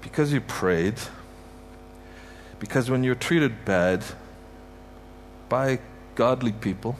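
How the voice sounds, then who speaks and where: The man, a guest preacher from Canada, speaks slowly in a mid-range voice. In a church sanctuary he gives a heartfelt sermon, stressing his points through repetition and speaking blessings over the congregation. There is slight background noise.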